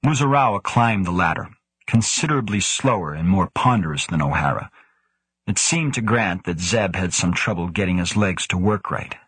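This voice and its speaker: Male audiobook reader, low and husky, steady pacing, dry booth sound. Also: normal speed, no room sound. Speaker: audiobook narrator. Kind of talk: scripted narration.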